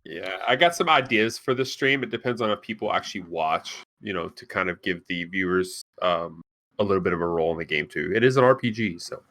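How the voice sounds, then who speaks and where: A man's voice: low voice, a little fast, a bit bright. A man chatting on a casual podcast, rambling and hesitant with many fillers. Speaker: podcast regular and player.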